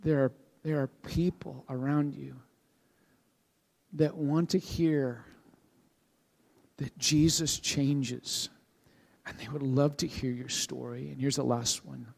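A male pastor giving a sermon to his congregation in a conversational, animated way, with frequent restarts. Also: mid-range voice, slow pace, gravelly, long pauses. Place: church sanctuary with a live congregation. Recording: long hall reverb.

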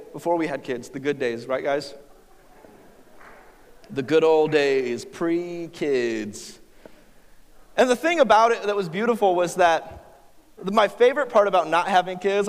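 High-voiced man preaching in a hall. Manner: humorous, conversational, talks to the audience. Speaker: pastor. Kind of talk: sermon with personal stories. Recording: hall reverb.

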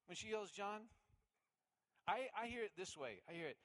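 Preacher, man in his fifties, bright and slightly high voice, animated storytelling delivery. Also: normal speed. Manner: storytelling, animated, acts out voices with sudden loud bursts. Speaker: pastor. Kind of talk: sermon.

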